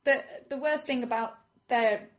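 A woman's voice: on the high side, unhurried. A woman co-hosting a casual film review chat, hesitant and losing her words. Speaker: podcast co-host.

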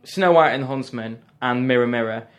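A man co-hosting a film chat podcast. He is animated and mocking as he rants, swearing often, in an ordinary mid-range voice. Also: medium pitch, a little fast. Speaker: podcast co-host. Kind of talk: casual chat.

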